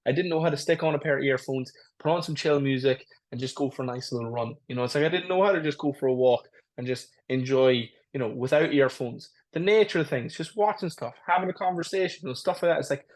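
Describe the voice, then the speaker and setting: A man talks fast and earnestly as a podcast co-host. He explains his points with many "it's like, listen" asides. His pitch is in the middle range. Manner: rapid, earnest, often says "it's like, listen". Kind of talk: casual chat.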